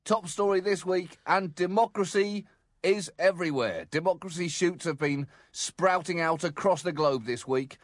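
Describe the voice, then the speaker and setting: A man co-hosting a comedy podcast while unwell, slightly higher-pitched and often chuckling through his jokes. His voice is close and dry. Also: moderate pace, no room sound. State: ill. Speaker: co-host.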